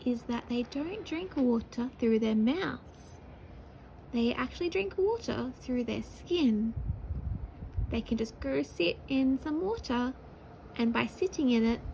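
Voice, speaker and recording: A woman teaching young children to write a sentence, sounding out each word slowly and patiently with encouraging praise. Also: on the high side, vocal fry, warm tone, slight background noise, rough recording. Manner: slow, sounding out words syllable by syllable. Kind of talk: early-years writing lesson.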